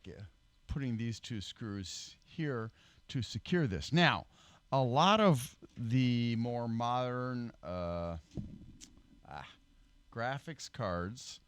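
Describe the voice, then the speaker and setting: A man's voice: mid-range voice, animated, drawn-out words, slight background noise. A man hosting a casual PC building tutorial, rambling with fillers, self-corrections and dry self-deprecating asides, recorded on a desk microphone that he sometimes leans away from. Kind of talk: casual how-to demonstration. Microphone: desk microphone, moving closer and farther. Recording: dry close-mic, voice fades when he leans away.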